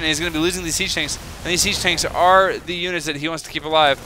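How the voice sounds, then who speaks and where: A young man giving casual, rambling solo commentary on a video game match, chatty and excitable, with many fillers. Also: on the high side, fast, hardly any pauses.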